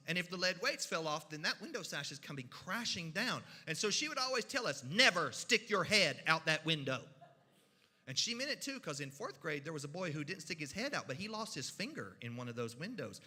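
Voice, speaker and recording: A storyteller spins a funny tale in a folksy, animated way, sprinkling in sound effects and voices. The voice sits high for a man and sounds very bright. It carries through a church hall with a long, ringing echo. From Kentucky mountains. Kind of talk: humorous storytelling. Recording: reverberant hall.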